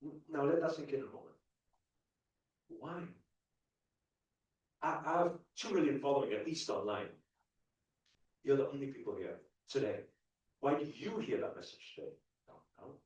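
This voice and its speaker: A man giving an animated, repetitive motivational talk to a live audience, chuckling often. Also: mid-range voice, moderate pace, long pauses. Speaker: spiritual coach. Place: large event ballroom. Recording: echoey dull hall sound from far off.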